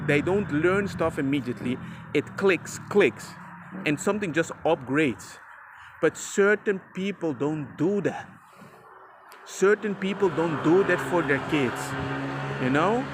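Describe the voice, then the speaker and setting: A man talks straight to his viewers in an emphatic, chatty way. His voice sits high and swoops all over the place. He sounds like a dad giving friendly advice to his audience. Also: a little slow, noisy background. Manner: animated, emphatic, chatty, addresses viewer as "bro". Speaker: father sharing parenting advice. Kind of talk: casual talk to camera.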